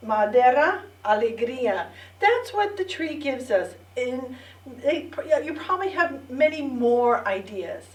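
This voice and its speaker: A middle-aged woman teaching a bilingual children's lesson, repeating words clearly and prompting the listeners to say them back. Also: high voice. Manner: slow, clear repetition with call-and-response prompts. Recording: echoey room, distant mic.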